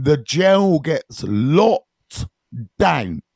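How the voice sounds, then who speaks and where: A man, a recovery mentor telling stories to viewers on a live stream, casual and animated, swearing freely and often checking in with his listeners. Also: fairly high pitch, a little slow, dry recording. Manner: animated, swears freely, keeps checking in with "right?" and "you know what I mean".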